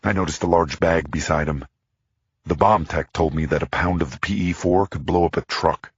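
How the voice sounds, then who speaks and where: Audiobook narrator, man, extremely deep husky voice, tense thriller read. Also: no echo, highs cut off. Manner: tense, measured. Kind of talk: first-person scripted thriller narration.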